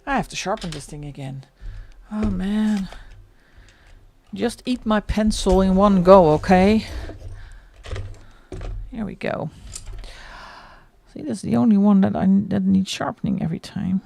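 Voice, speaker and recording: A woman's voice: mid-range voice, unhurried, creaky, pauses often, darkish tone, slight background noise. A Dutch woman with a Dutch accent, hosting a colouring livestream in casual chat, laughing often and muttering asides as she works. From Netherlands.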